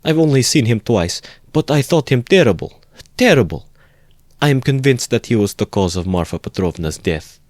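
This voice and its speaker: A man's voice: mid-range voice, sing-song, normal speed, a little mellow, no echo, studio quality, voice pushed up, natural voice. A man reading aloud, voicing a fretful middle-aged mother who exclaims in alarm.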